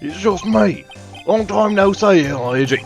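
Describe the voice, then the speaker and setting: A man's voice: high voice, lively intonation, a little slow, vocal fry, soft background music, exaggerated voice. Man putting on a hammy jolly police chief. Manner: hammy, swapping comic accents. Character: jolly boisterous older male police chief.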